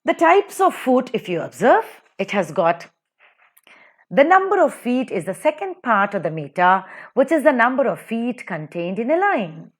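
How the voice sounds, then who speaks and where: A woman teacher with an Indian English accent, lecturing over slides with a sing-song, stressed delivery and slow recitations of verse. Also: fairly high pitch, sing-song.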